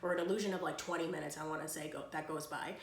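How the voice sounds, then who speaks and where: A woman's voice: low voice, steady tone, racing, vocal fry. A woman casually summarizing a story, rambling, with slang and lots of fillers. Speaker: book vlogger. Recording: roomy echo.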